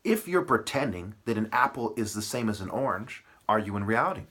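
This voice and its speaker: A man's voice: on the low side, big pitch swings, brisk, fairly bright tone, breathy edge. A man delivering a profane, aggressive, rambling monologue full of rhetorical questions. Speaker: vlogger.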